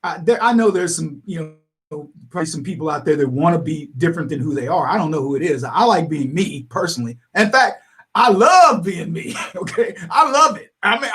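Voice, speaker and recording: Animated high-voiced man ranting on a livestream. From United States. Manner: animated, laughs often, acts out imagined dialogue. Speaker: livestream commentator. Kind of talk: casual political commentary monologue. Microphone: livestream microphone.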